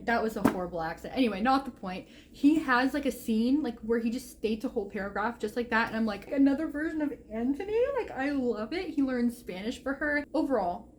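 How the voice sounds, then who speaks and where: A woman's voice: a little high, slight background noise. A young adult woman vlogging about books she is reading, rambling and gushing with lots of "like". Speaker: book vlogger. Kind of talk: casual reading vlog chat. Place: home room, bad sound.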